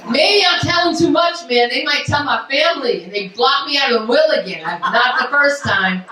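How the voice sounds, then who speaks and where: A brash woman comic doing stand-up, loud and animated, with a rather high voice that leaps around. The sound is roomy and comes from well back from the mic. Her storytelling stays busy and punchy. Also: normal speed. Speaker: stand-up comedian. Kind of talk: stand-up comedy set. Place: comedy club stage. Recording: roomy club sound from far off.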